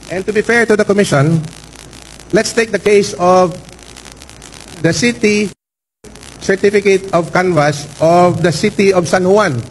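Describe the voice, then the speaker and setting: A man speaking as a lawyer for a candidate, making a formal manifestation before a canvass board, deliberate and formal, stressing key words and pausing with fillers. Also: high-pitched, slight background noise, poor audio. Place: hearing room.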